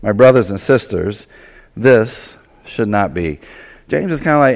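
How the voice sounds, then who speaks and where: A man preaching a sermon as pastor, in a loose, conversational way, acting out quick asides. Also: lowish voice, lively intonation, creaky, big-room sound. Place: church sanctuary.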